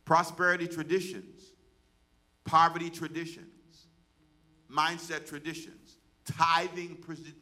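A man, a pastor, preaching a sermon and calling on the congregation to repeat words back to him. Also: on the high side. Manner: preaching with call-and-response to the congregation; loud, rising exhortation.

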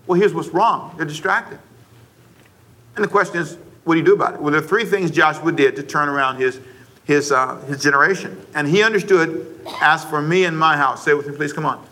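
Bright-voiced, emphatic preaching man. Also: high-pitched, fairly quick. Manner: emphatic, repeats phrases and calls on the congregation to answer. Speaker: pastor. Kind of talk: sermon. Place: church before a congregation.

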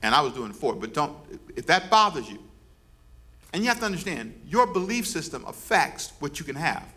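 Playful pastor preaching, somewhat high voice. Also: male voice, sing-song, normal speed, sharp tone. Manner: playful, teasing the congregation. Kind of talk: sermon with call and response. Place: church service before a congregation.

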